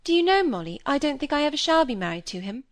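A woman voicing a lively, flippant young woman who talks in a breezy, dismissive way. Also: high-pitched, fast, no room sound, pitched above the performer's own voice. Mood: light.

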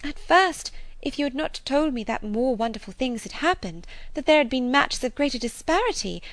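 A woman voicing an excitable, naive young woman who gushes in breathless, rising exclamations in an audiobook. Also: high voice, normal speed, no echo, voice pushed up. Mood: agitated. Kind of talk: audiobook character voice.

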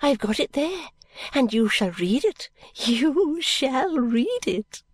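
A woman reads aloud as an eccentric old woman, high and fluttering, who gushes in breathless rapture. The voice sits far above the reader's own, recorded dry and close. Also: big pitch swings, slow pace, no room sound, heavily acted. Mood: gushing. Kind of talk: audiobook character voice.

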